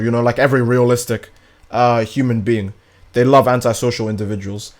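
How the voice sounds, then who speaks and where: A man's voice: mid-range voice, steady tone, brisk. A young man streaming a game, chatting casually in a rambling, crude, joking way. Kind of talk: casual livestream chat while gaming.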